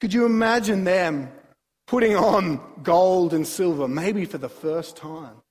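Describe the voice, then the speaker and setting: Preacher, high voice, booming hall. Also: male voice, measured pace. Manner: animated, swings between soft asides and emphatic bursts. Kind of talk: sermon, Bible exposition.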